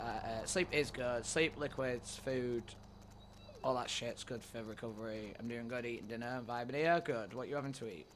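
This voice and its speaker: A man's voice: medium pitch, fairly bright tone. Male streamer, mid-range voice, easygoing and rambling, swears freely, light background noise. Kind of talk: casual chat with viewers during a roleplay stream.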